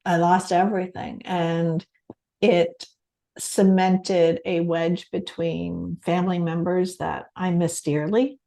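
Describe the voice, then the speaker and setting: A woman's voice: fairly low pitch, flat delivery, slow, gravelly, mellow. A middle-aged Canadian woman, a podcast guest, sharing a heartfelt personal story in an earnest way. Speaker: podcast guest, stress coach and author.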